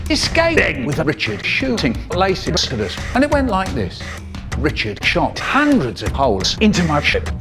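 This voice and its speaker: A man narrating a spliced comedic story as an animated storyteller, his voice jumping high and low. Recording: music bed underneath.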